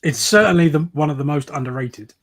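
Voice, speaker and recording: A man on a video call, telling a story in an animated way on a geek news panel. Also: fairly high pitch, quick pace. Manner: animated, laughs while telling stories. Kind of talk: casual chat.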